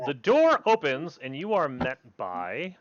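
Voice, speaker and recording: A man's voice: on the high side, huge pitch swings, a little slow, dry recording, muffled recording. A man narrating a tabletop game as game master, rambling with many fillers and restarts.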